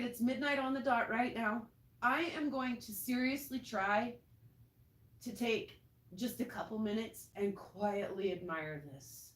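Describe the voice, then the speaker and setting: A woman's voice: mid-range voice, reverberant, distant mic. A woman livestreaming from her backyard at night, breathless and overwhelmed, exclaiming at what she sees. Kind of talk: live-stream reaction.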